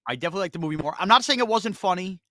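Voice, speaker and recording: A man's voice: sits high, very fast, no room sound, clean studio sound. A man hosting a sports radio show, telling stories in casual, self-mocking banter. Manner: storytelling, animated, self-mocking.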